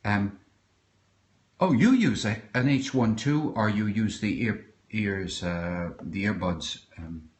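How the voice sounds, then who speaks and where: A middle-aged Irish man chatting casually on a live stream from his kitchen, rambling and halting with many fillers and restarts. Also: fairly low pitch, slight background noise. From Ireland. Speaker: podcaster. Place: home kitchen.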